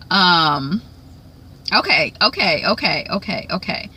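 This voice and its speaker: A woman's voice: on the low side, lively intonation, measured pace, bright, forceful tone, husky, low-quality recording. A woman casually recapping a reality TV episode, chatty with lots of ums and frequent laughs. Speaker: recap vlogger.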